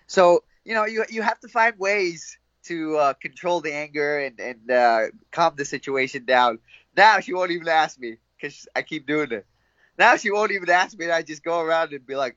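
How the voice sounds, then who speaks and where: A young man being interviewed as a fighter, laughing often and telling animated stories with quoted voices. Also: a little high, a little fast, no echo, muffled recording. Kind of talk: casual interview chat.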